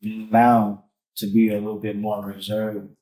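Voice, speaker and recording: Male musician guest, casual and lively, heavy slang and profanity. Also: lowish voice, unhurried, poor audio. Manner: animated, profane, street slang. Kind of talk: casual conversation.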